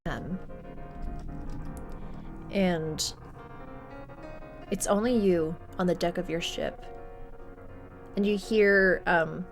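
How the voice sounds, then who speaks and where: A young woman narrating a tabletop game as game master, relaxed, with frequent ums and laughs. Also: lowish voice, drawn-out words, pauses often, soft background music.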